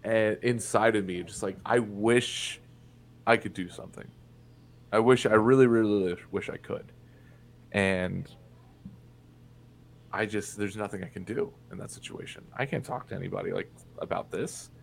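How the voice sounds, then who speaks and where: Low-voiced young man telling a blunt story. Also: steady tone, moderate pace, creaky, pauses often. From Indiana, USA. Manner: candid and blunt, swears freely. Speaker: podcast guest. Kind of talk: casual storytelling in conversation.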